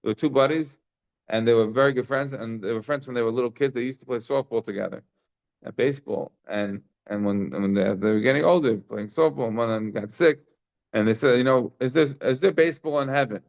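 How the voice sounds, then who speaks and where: A man's voice: medium pitch, a little fast, gravelly, lo-fi sound. A man teaching a daily Talmud class, explaining the text informally with frequent fillers and restarts.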